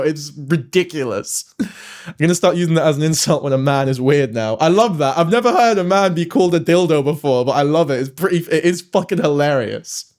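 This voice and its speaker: A man's voice: fairly high pitch, fast, a little mellow. A man giving casual reaction commentary, swearing and laughing often. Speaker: streamer reacting to videos.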